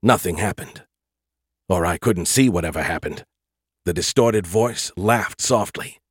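A man narrating a first-person science fiction audiobook in a steady, earnest storytelling voice. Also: low voice, a little slow, slightly rough, dry recording, studio quality.

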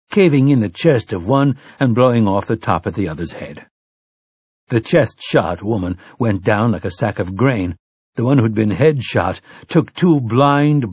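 A man reading an audiobook aloud, telling the story in a measured, dramatic way. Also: mid-range voice, a little mellow, breathy edge, no echo, clean studio sound. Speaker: audiobook narrator. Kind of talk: scripted narration.

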